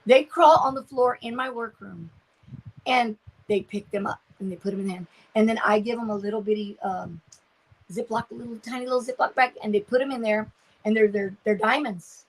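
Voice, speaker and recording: An older woman chats casually on her craft livestream in a fairly high voice. She reads viewer comments aloud and often trails off while searching for words. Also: a little fast, low-quality recording.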